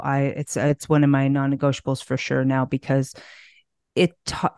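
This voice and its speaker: A woman's voice: low-pitched, dry recording, studio quality. A middle-aged woman speaking as a guest in a casual interview, candid and a bit profane, often restarting her sentences. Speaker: guest, naturopathic practitioner.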